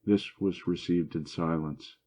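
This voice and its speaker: A man reading a classic short story aloud in steady, even narration. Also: low voice, a little slow. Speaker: story reader. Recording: dull lo-fi recording.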